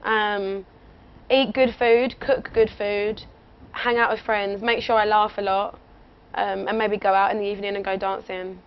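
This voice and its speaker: A woman's voice: mid-range voice, flat delivery, unhurried, smooth. A young English woman chatting casually as an interview guest, rambling and giggly, with lots of fillers. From England. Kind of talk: casual radio interview chat. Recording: muffled lo-fi audio with faint noise.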